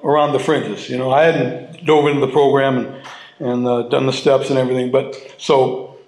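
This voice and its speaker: A man sharing his personal story with an audience at a recovery meeting, halting and heartfelt, restarting and repeating his words as he goes. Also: mid-range voice, level tone, darkish tone. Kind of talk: personal testimony to a live audience. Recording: roomy hall sound.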